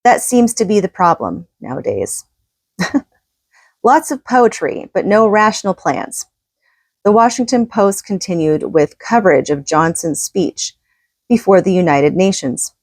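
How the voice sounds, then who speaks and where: A woman's voice: medium pitch, big pitch swings, unhurried, darkish tone, no room sound. A woman reading from a book and commenting in a casual, opinionated, conversational way.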